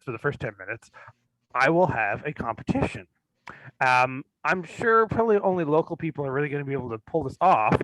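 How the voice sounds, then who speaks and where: A man's voice: fairly high pitch, a bit bright, dry recording, low-quality recording. A man with a somewhat raised voice talks casually as a host, rambling from joke to joke and laughing along the way. The sound is close and dry. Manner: jokey, rambling, laughs often. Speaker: host of a movie screening show. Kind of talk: casual chat.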